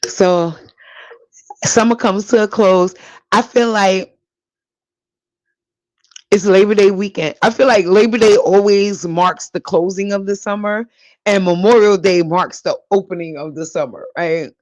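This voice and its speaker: A woman's voice: mid-range voice, unhurried, pauses often, a little mellow, dry recording, rough recording. A chatty young woman with a New York accent, hosting a podcast on her own. Her voice sits in a middle range, and the recording is close and dry with no room sound. She repeats herself for emphasis and talks straight to her listeners. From Brooklyn, New York. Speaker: podcast host. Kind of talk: casual solo podcast monologue.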